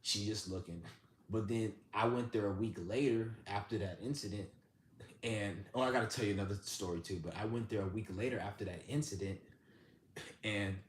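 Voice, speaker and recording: A man hosting a live stream who rants and tells stories in a blunt, profane, animated way. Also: on the low side, moderate pace. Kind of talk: ranting storytelling. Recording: roomy with faint background hum.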